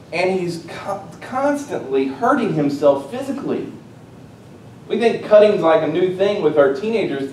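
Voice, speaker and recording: A man preaching a sermon, swinging between loud, excited exclamations and hushed, quiet asides. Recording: roomy, distant mic with faint rumble.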